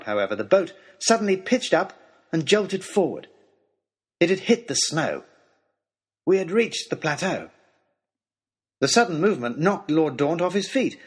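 A man narrating a storybook adventure in the first person, with expressive, dramatic reading. His voice sits a little high and moves in wide, lively sweeps. There is a husky edge to his tone.

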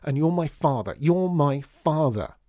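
A man reading a storybook voices an eager little girl who talks loudly and insistently. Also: mid-range voice, brisk, dry recording, studio quality, voice pushed up, lightly acted. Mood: pleading. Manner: loud, breathless excitement.

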